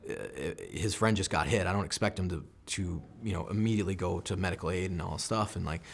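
A man's voice: sits low, fast talker, creaky, husky. An American man in his thirties, a military veteran, telling an intense first-person combat story in an interview, acting out what people said. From United States. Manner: intense first-person combat recounting, acts out quoted lines.

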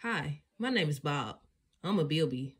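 A woman's voice: low-pitched, lively intonation, measured pace, very noisy, voice pushed down. A woman doing a shy little male bilby. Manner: soft, quiet first-person storybook telling. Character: shy, gentle male bilby toy who narrates.

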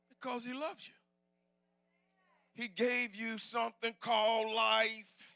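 Shouting, high-voiced, bright male preacher. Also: flat delivery, slow, vocal fry, long pauses. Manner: preaching with call-and-response, rising to shouts. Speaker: pastor. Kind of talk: sermon. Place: church sanctuary.

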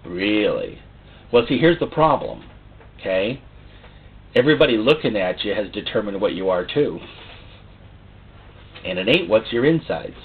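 A man's voice: on the low side, sing-song, normal speed, long pauses. A man preaching a sermon, theatrical, full of rhetorical questions. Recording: tinny phone-like sound.

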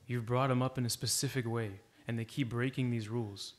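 A man's voice: mid-range voice, steady tone, a little fast. A man preaching a sermon in a church, earnest and exhorting, telling a story to make his point.

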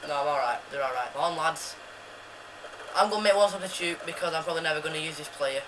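A young man commentating on his own football video game match, rambling casually and bursting into yells and chants at goals. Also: on the high side, fast, a little hiss or hum. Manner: excitable, yells and sings at goals. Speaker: gaming YouTuber. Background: loud background music.

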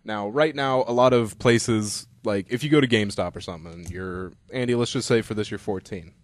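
A young man co-hosting a casual podcast, calmly explaining news and laughing often. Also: fairly low pitch, a little fast, no room sound. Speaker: podcast co-host. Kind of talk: casual chat.

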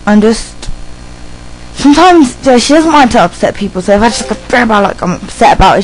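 A woman giving rambling casual commentary while playing a video game, chatting to her dog and reacting out loud. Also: fairly high pitch, fast talker, low-quality recording. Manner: excitable, yelps and squeals at the game. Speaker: let's play gamer.

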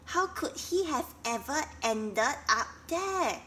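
A woman's voice: high voice, animated, slow pace, a bit bright, a little hiss or hum, voice pushed up, heavily acted. A woman voicing Flocky, an eager young male animal in a storybook, exclaiming and urging his friends on.

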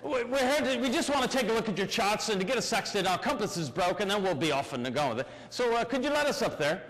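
Guy putting on a flustered fake-british rookie pirate, rambly, high voice, echoey hall. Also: animated, fast, fairly bright tone. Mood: sheepish. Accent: British, put on. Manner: rambling, nervous, apologetic.

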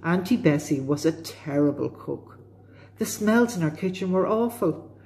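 A woman with an Irish accent, a librarian reading a children's storybook aloud with expressive delivery. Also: lowish voice, a little slow.

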